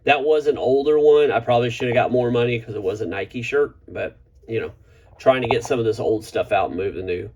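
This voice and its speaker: A man's voice: medium pitch, fairly quick, dull audio, noisy background. A man talking casually in a home vlog, rambling with lots of ums and uhs as he goes over his reselling. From Florida. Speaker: eBay reseller vlogger. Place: home room with a neon sign.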